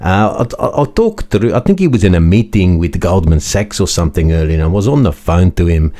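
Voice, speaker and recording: A man's voice: sits low, expressive, brisk, mellow. A man hosting a crypto comedy channel, delivering a crude, mocking parody monologue in a bombastic persona.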